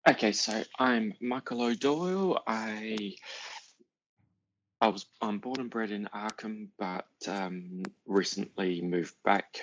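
A man at a tabletop game introduces his character slowly and haltingly, his low voice gravelly. The recording sounds dull. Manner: hesitant, halting.

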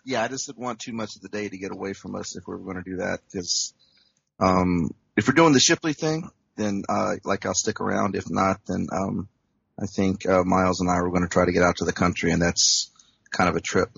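Gravelly, rambling male player. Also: sits low, fairly quick, fairly bright tone, no room sound. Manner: rambling, hedging, many fillers. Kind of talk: tabletop role-play over a call. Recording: lo-fi online call audio.

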